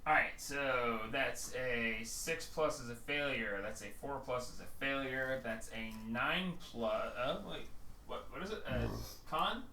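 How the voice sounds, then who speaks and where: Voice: medium pitch, measured pace, slight background noise. A game master running a tabletop game, counting dice rolls and narrating the fight. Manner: lively, counting rolls aloud. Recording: echoey room, voice from far off.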